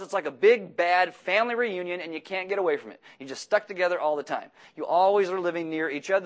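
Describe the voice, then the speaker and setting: Guy preaching a sermon, kinda high-ish voice, jokey and animated. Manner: animated and jokey, mixing scripture reading with asides. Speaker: pastor.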